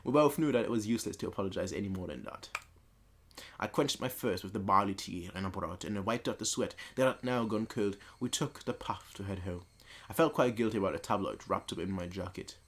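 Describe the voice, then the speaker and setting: A man's voice: lowish voice, fairly quick, husky. A man hosting a let's play, reading a visual novel aloud with rambling, self-correcting commentary.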